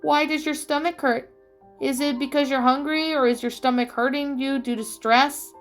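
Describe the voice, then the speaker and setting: A woman voicing a kind little girl bear cub, asking gentle caring questions in a read-aloud story. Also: sits high, fairly even intonation, normal speed, faint music behind.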